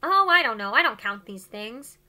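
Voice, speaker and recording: A woman voicing a gruff, blunt older man who owns a motel, reading a storybook aloud. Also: fairly high pitch, very animated, moderate pace, sharp tone, full character voice.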